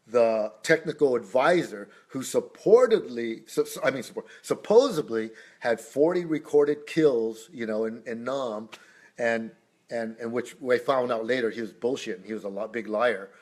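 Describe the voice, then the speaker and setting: A man's voice: mid-range voice, normal speed, darkish tone. A middle-aged man telling rambling stories as a guest speaker, breaking off now and then to greet passersby. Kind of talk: casual storytelling.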